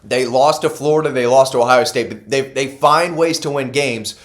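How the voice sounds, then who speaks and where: A man's voice: mid-range voice, normal speed. A man giving solo college football analysis, emphatic and casual, repeating key stats for effect and correcting himself as he goes. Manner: self-correcting, casual asides. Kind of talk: solo sports commentary.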